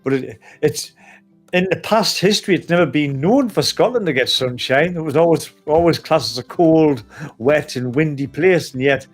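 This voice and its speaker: A man's voice: on the high side, expressive, moderate pace, soft background music. A man from northeast England with a Newcastle accent, co-hosting a casual live stream, chatty and laughing often. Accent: Newcastle Geordie. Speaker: co-host.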